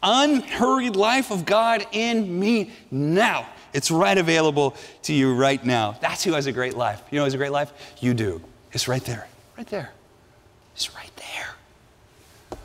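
A male pastor preaching a sermon with emphatic delivery, dropping to a hush and then rising to ringing emphasis. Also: on the high side, expressive, moderate pace, few pauses, big-room sound. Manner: emphatic, swinging between hushed and ringing delivery.

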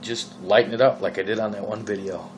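A Minnesota vlogger with a Minnesotan accent rambles casually through a vaping rant, peppered with fillers and exasperated questions. His lowish voice is fairly even in intonation and a little fast. The audio is poor, with a little hiss or hum.

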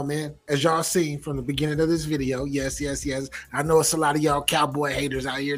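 A middle-aged man hosts his own sports channel and vents in a heated rant, circling back to the same points and cursing. His voice sits high, bright and edged, with a husky grain, and faint music plays behind him. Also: flat delivery, fairly quick, few pauses. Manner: heated, emphatic, repeats himself, swears. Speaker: sports commentary host. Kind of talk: ranting sports reaction.

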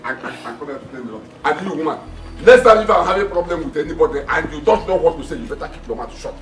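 A man's voice: on the high side, animated, very fast, fairly bright tone, echoey room, far from the mic, faint music behind. An actor with a Nigerian accent playing an angry father who barks orders and throws a man out of his house. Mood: furious. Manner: barking orders, scornful. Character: furious middle-aged father throwing out his in-law. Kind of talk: Nollywood film acting.

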